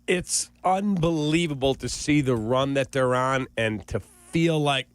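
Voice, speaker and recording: A man co-hosting a morning sports radio show, telling stories in lively casual talk. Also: medium pitch, a little slow, hardly any pauses. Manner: animated, storytelling with voiced asides. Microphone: studio microphone.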